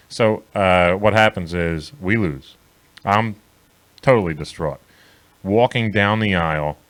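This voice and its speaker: A man co-hosting a casual sports talk podcast, telling long, profane stories with lots of restarts. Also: deep voice. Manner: rambling, profane, animated storytelling with many restarts. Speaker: co-host.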